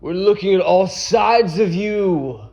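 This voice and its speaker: A man's voice: high voice, lively intonation, vocal fry, darkish tone, pitched above the performer's own voice, full character voice. A man channeling an ecstatic, tearful loving presence. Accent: unplaced put-on accent. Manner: gasping, weeping, drawn-out emotional outbursts. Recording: dull lo-fi recording.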